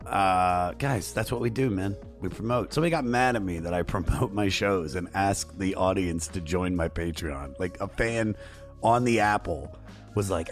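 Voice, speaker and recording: A hoarse man hosting a podcast in loose, profane, rambling casual chat. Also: sits low, moderate pace, faint music behind. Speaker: podcast host.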